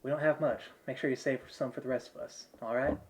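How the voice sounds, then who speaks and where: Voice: mid-range voice, steady tone, brisk, lightly acted. A game master voicing a busy, friendly woman innkeeper who talks in a folksy drawl. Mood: stern. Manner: folksy drawl, says y'all.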